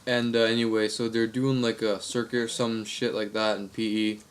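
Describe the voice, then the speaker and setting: A man's voice: on the low side, little pitch movement, normal speed. A young man vlogging, telling funny stories in a casual, rambling way full of crude slang. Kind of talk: casual comic storytelling.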